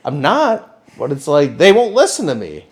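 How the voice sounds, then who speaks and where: Man telling a story, swearing, animated. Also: on the high side, normal speed, breathy edge. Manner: animated storytelling, swears a lot, voice jumps up when excited. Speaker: podcast co-host. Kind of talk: casual chat.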